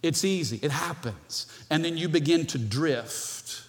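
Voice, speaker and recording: Man pastor, sermon, somewhat high voice, playful and animated, long church reverb. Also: a little slow. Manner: animated, playful asides to the congregation. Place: church sanctuary.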